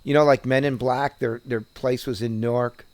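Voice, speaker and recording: A man's voice: medium pitch, steady tone, normal speed, darkish tone, no echo. A man with a New Jersey accent, chatting casually as a podcast co-host, rambling and profane with many restarts. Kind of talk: casual chat.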